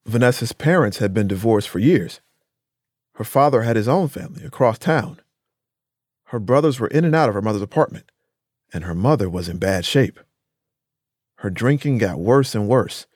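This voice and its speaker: Measured male documentary narrator. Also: mid-range voice, a little mellow, no room sound, clean studio sound.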